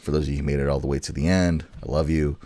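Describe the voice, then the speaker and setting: A man co-hosting a casual podcast, excitable and swearing freely, a little tipsy from wine. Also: very deep voice, racing, no echo. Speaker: podcast co-host. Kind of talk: casual chat.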